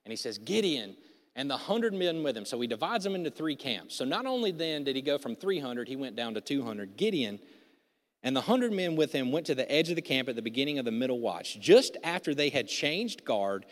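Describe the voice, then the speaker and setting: A man preaching a sermon, telling a Bible story in animated, casual slang and acting out its voices. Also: mid-range voice, fairly quick. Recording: long reverb of a large hall.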